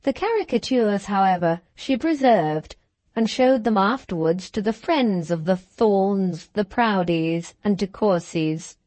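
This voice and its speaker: A woman narrating an audiobook in a slow, measured storytelling manner. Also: medium pitch, expressive, a little mellow, no echo. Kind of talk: scripted narration.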